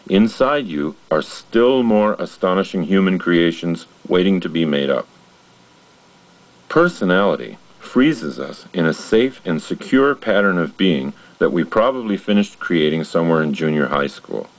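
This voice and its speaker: Deep-voiced man, earnest motivational narration. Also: rough recording.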